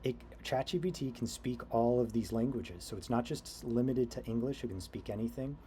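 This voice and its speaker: A man's voice: medium pitch, normal speed, mellow, slight background noise. An American man teaching a training seminar, talking in a loose, digressive way with many fillers and restarts. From United States. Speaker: instructor.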